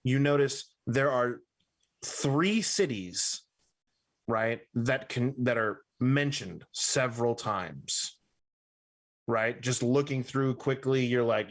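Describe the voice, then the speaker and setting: A man's voice: medium pitch, slow. Man running a tabletop game. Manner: playful, rambling, checks in with "right?". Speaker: game master.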